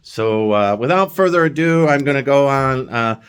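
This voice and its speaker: A man's voice: medium pitch, expressive, moderate pace, smooth. An older man rambling in a wry, self-mocking way with many fillers, filming a casual DIY vlog. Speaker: DIY builder vlogger. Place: off-grid container build site.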